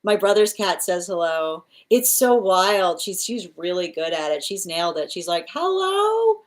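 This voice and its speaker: A woman giving live-streamed tarot readings, chatty and quick to laugh, cooing at her cat between readings at home. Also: lowish voice. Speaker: tarot reader.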